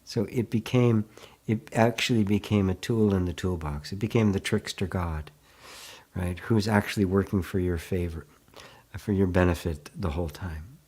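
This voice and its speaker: A man leading a live online satsang, speaking gently and unhurriedly, laughing often and answering viewer comments as he goes. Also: low voice, moderate pace, husky. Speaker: spiritual teacher.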